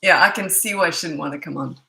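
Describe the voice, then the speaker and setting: Brief: woman, tired parenting coach, rambling live-stream chat, low-ish bright voice, echoey room. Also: fast, creaky. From Canada. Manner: chatty, rambling, many ums.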